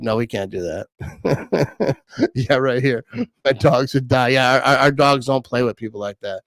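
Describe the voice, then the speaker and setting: A man's voice: medium pitch, measured pace, long pauses, no room sound, low-quality recording. A man in his thirties hosting a casual live stream, rambling and laughing often as he reads comments. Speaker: livestream host reading comments.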